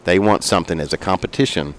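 A middle-aged man, a fishing guide who makes flies, telling a lively story in a casual interview and making sound effects as he talks. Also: deep voice, fast. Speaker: fishing guide and fly maker.

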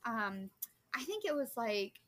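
Bright, high-voiced woman podcast co-host. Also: sing-song, slow pace, no echo. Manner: laughs easily, rattles off scripture references. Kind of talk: casual podcast chat.

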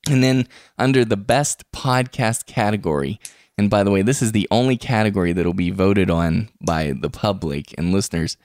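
A man with a fairly low, somewhat dark voice hosts a podcast at a moderate pace, chatting casually and laughing often. The recording is dry and clean, made in a studio on a podcast microphone.

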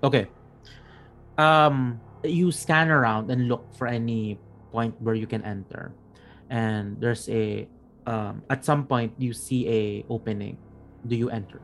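Halting, gravelly man running a game. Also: mid-range voice, fairly even intonation, a bit bright, a little hiss or hum. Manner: halting, many restarts and fillers while describing scenes. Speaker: game master. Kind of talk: narrating a tabletop game.

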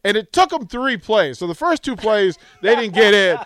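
A middle-aged man hosting a sports radio show, telling a story with lively acted-out quotes. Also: high voice, moderate pace. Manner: animated storytelling, acts out quotes. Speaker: radio host.

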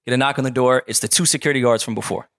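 A man telling a story in casual chat, animated and profane, acting out the people in it. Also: mid-range voice, racing, no room sound, clean studio sound.

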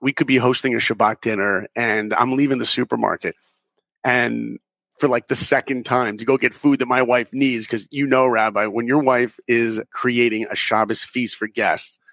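A man in his forties, an interview guest who tells animated stories and acts out the dialogue in them. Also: mid-range voice, moderate pace, gravelly, dry recording. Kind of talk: conversational storytelling.

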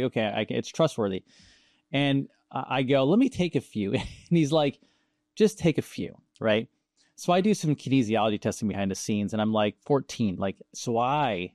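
Animated male talk-show host. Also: medium pitch, dry recording, studio quality. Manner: animated, acts out quoted dialogue, laughs often. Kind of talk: casual storytelling in conversation.

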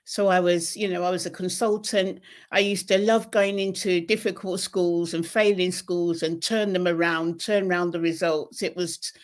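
A British woman, a guest and former secondary school teacher, speaking in a measured, slightly hesitant way. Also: lowish voice, fairly even intonation. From United Kingdom. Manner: measured, a bit hesitant, restarts sentences. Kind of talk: interview storytelling.

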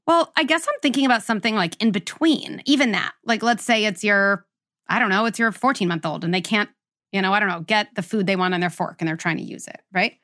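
A woman's voice: mid-range voice, fairly quick, a bit bright. A woman hosting an interview as a parenting psychologist, explaining her ideas emphatically with lots of "like" and "right?". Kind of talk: interview conversation.

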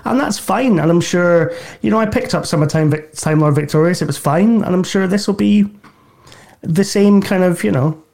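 A man's voice: sits high, moderate pace, vocal fry, a little mellow. A man on a podcast panel giving wry opinions with hesitant starts. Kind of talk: casual podcast chat.

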